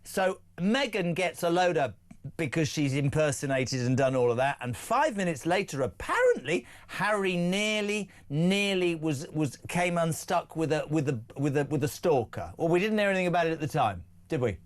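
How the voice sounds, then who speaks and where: Man, talk host, fairly high voice, stammers, teasing, casual chat. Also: big pitch swings, normal speed. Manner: stammering, teasing, restarts often.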